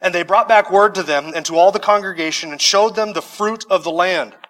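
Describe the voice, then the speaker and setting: A man's voice: high-pitched, a little fast, a bit bright, big-room sound. A man preaching a sermon, reading scripture verses and then explaining them in conversational asides with some humor. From United States. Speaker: pastor.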